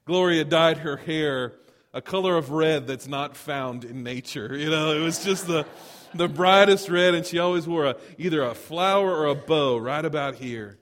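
Middle-aged pastor guy, storytelling sermon, slightly high voice, big echoey church. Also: moderate pace. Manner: storytelling with swings from loud to hushed. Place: church sanctuary. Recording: long hall reverb.

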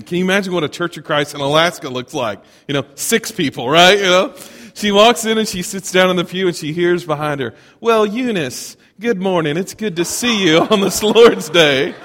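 A man preaching a storytelling sermon, animated and chuckling, often asking his congregation questions. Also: fairly high pitch. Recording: long reverb of a large hall.

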